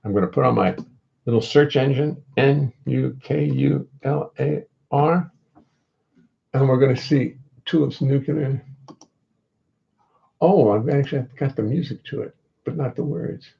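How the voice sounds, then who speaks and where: Gravelly man rambling between songs. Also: mid-range voice, highs cut off. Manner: rambling, self-deprecating, halting. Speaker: jazz bassist and singer. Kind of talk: casual chat between songs on a livestream.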